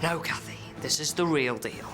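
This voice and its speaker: A brisk adult trainer giving orders in a flat, deadpan way, as a child acts the part. Clear music plays under the sketch. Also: mid-range voice, close to an everyday voice. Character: stern adult customer-service course trainer. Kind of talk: sketch comedy acting.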